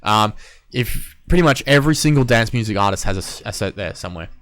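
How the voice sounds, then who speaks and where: A man's voice: on the low side, animated, fast talker, a bit bright. A young man, a DJ and producer, chatting casually on a podcast with lots of ums and casual swearing. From Western Australia. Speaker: guest DJ and producer.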